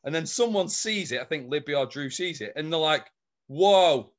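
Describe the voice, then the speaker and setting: A man's voice: a little high, expressive, a little fast, a bit bright. A man, co-hosting a casual chat and retelling a story, laughing and swearing as he goes. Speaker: podcast co-host.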